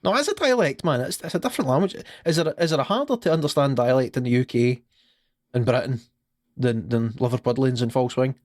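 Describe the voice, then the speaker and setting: A man's voice: mid-range voice, quick pace, a little mellow, no room sound, clean studio sound. A Scottish man co-hosting a casual sports podcast, talking in a rambling way, swearing freely and laughing at his own stories. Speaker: podcast co-host.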